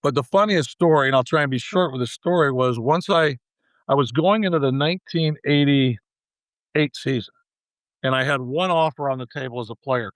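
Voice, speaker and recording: A man's voice: medium pitch, normal speed, dry recording, rough recording. A man in his sixties, a former baseball player and manager, telling rambling stories as a podcast guest. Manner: rambling anecdotal storyteller, animated when retelling arguments. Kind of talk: casual storytelling interview.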